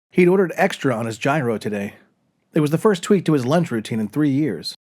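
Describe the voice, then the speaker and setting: A man's voice: a little high, lively intonation, brisk, darkish tone, faint music behind. Man reading a comic story, dry and wry. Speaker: narrator reading his own short story. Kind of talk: storytelling narration.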